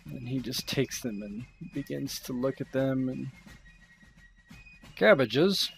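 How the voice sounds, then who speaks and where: A man narrating a tabletop game as game master, in a relaxed, loose way. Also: medium pitch, normal speed, gravelly, over music.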